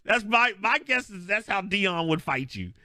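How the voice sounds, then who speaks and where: Animated man telling sports stories. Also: sits high, moderate pace, dry recording, clean studio sound. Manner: animated storyteller, laughs often, acts out quotes. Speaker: podcast co-host. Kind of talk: casual sports chat.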